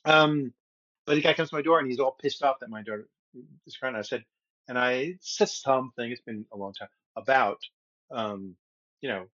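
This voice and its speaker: A middle-aged man co-hosting a podcast, telling a long story in an animated, rambling way with lots of restarts. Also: mid-range voice, brisk, lo-fi sound. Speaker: podcast co-host. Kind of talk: casual storytelling chat.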